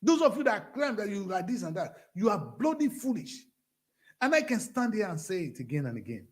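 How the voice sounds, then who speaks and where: A man's voice: sits high, very animated, brisk. A man with a Nigerian accent hosting his own show, delivering a fiery, preachy and blunt monologue. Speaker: show host. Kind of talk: impassioned monologue.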